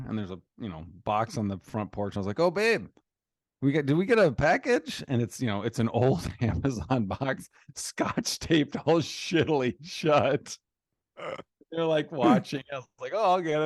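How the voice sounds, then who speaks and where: This podcast co-host, a man in his thirties, has a mid-range voice and shares a family story casually. He animates the tale by performing quotes in raised voices. The recording is dry and clean, studio-style.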